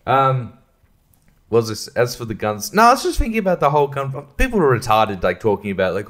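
A man's voice: mid-range voice, big pitch swings, moderate pace, fairly bright tone. A man hosting a casual solo podcast, rambling and swearing freely, often breaking into laughter. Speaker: podcast host.

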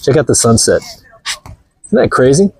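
A man's voice: medium pitch, sing-song, moderate pace, vocal fry, husky, no room sound. A man vlogging outdoors with a phone camera, blunt and mocking, rambling through stories as he walks. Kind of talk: casual walking vlog talk.

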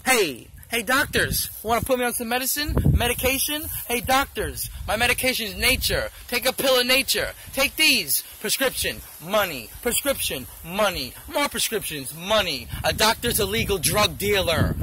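A man's voice: high voice, lively intonation, normal speed, few pauses, very noisy. A man ranting loosely and crudely to the camera, jumping from one topic to the next, recorded outdoors in the woods. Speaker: vlogger. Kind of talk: rambling comedic rant.

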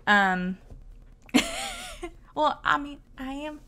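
A young woman from the American South talks through her gameplay in an unhurried, easygoing way. Her Southern accent comes through naturally, and she chats and giggles often, scattering "like" through her sentences. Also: sits high, expressive, pushed and bright. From Southern United States. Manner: chatty and giggly, lots of "like" fillers. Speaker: streamer. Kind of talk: casual gameplay commentary.

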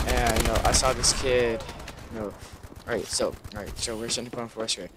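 A man's voice: mid-range voice, fairly even intonation, moderate pace, very noisy. A young man giving casual, rambling commentary over gameplay, subdued and swearing a lot. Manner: rambling, subdued, heavy swearing, lots of fillers. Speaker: gaming YouTuber. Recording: gunfire from gameplay behind voice. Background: video game gunfire.

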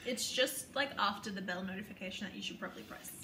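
A woman's voice: mid-range voice, fast talker, pushed and bright, slight background noise. Dry-witted young woman, a bit distant. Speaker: guest friend. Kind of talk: casual chat. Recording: echoey room, slightly distant mic.

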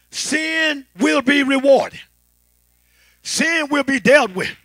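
A pastor preaching a fervent sermon, calling to the congregation and building to a shout. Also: male voice, very high-pitched, a little slow, pauses often, no room sound.

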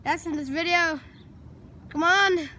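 A woman's voice: very high voice, measured pace. A woman vlogging outdoors in casual chat, playful and talkative, filming with a handheld camera on a street. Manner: chatty, playful, jumps between loud and hushed. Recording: loud outdoor street noise, traffic. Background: traffic and street noise.

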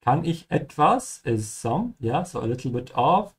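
Lively male German tutor. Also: fairly high pitch. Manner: friendly, explanatory, repeats key words slowly. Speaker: German teacher. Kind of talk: explaining game dialogue as a language lesson.

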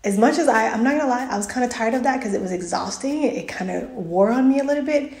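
A woman's voice: a little high, quick pace, darkish tone. Chatty woman vlogging in an echoey room. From United States. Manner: earnest, chatty storytelling, with faith encouragement. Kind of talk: casual personal update. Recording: roomy echo.

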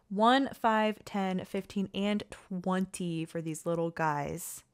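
A woman chatting her way through a life-sim game, her voice sitting at an ordinary middle pitch. She swings from nervous pleading to gushing delight as she plays. The delivery is loose and unscripted, like talking straight into a desktop mic. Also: takes it slowly, smooth. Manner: excitable and chatty, pleading with the dice, cooing at characters. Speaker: gaming channel host. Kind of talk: casual let's-play commentary.

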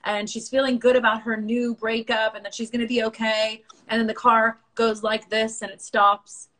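A woman's voice: a little high, flat delivery, moderate pace, a bit bright. A woman in her thirties hosting a casual Instagram live chat on her phone, chatty and rambling, laughing often. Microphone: phone livestream.

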